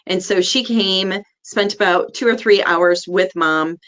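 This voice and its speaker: A woman's voice: mid-range voice, a little slow, few pauses, a bit bright. A middle-aged woman, a neonatal nurse practitioner, earnestly telling a personal story in an interview. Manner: earnest, acts out the people in her story.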